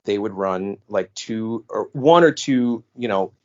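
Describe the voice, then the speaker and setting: An American podcast co-host with a fairly low voice tells stories at a measured pace in a casual chat. He's an animated storyteller who acts out the quoted lines, and the audio is dull and lo-fi.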